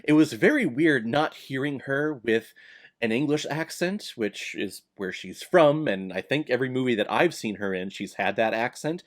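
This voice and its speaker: A man giving a casual, enthusiastic movie review, his voice jumping up in pitch now and then. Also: moderate pace. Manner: enthusiastic, animated with sudden jumps in pitch.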